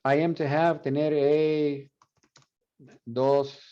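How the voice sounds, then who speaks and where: A male Spanish professor giving an animated university lecture, repeating example words aloud to demonstrate. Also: fairly high pitch, takes it slowly, smooth. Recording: dull lo-fi classroom recording.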